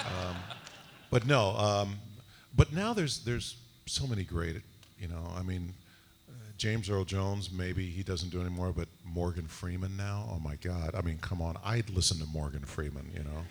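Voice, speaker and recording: A man's voice: low voice, a little hiss or hum. A male actor on a convention panel, rambling casually with lots of fillers and restarts.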